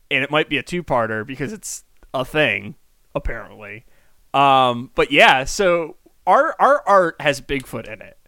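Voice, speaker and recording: A man's voice: a little high, bright, forceful tone, dry recording. A man co-hosting a podcast in casual, rambling chat with lots of ums. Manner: chatty, rambling with many ums. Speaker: podcast co-host.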